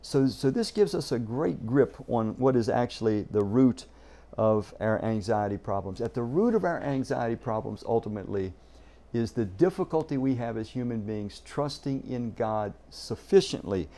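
A man's voice: mid-range voice, animated, normal speed, dark tone. A male pastor preaching a sermon in an earnest, emphatic way, often repeating words as he starts a sentence.

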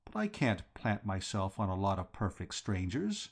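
A man voicing an anxious, timid young English gentleman who pleads for help. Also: low-pitched, sing-song, normal speed, gravelly, heavily acted. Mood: flustered.

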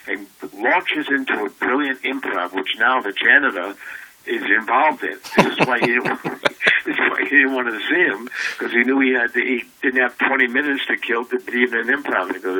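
A man in his seventies, a comedy writer and warm-up comedian, telling anecdotes in a lively way and acting out voices. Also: lowish voice, fairly quick, slightly rough, rough recording. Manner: animated storyteller who acts out voices.

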